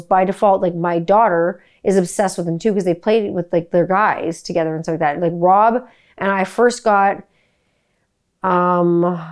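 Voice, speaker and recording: A woman in her forties hosting a podcast, telling a family story in a casual, rambling way with lots of swearing and filler words. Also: on the low side. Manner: animated, profane, rambling with many "like" fillers. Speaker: podcast host.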